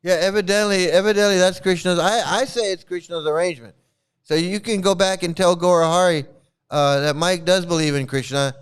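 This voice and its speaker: Brief: male streamer, slightly high, very smooth voice; scornful, swears, laughs a lot. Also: steady tone, fairly quick. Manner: mocking, profane, laughs often. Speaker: online streamer criticizing a cult. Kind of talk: casual reaction livestream.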